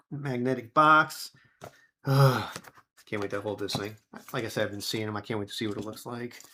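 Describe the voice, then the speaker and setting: A man vlogging a knife unboxing in an excited, rambling, casual way, full of slang and filler. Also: mid-range voice, a little hiss or hum.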